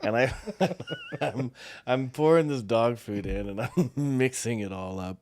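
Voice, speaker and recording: A man's voice: mid-range voice, huge pitch swings, a little slow, darkish tone, slight background noise. A middle-aged man, a former Marine, co-hosting a podcast and telling stories casually, laughing often. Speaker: podcast co-host. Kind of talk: casual storytelling chat.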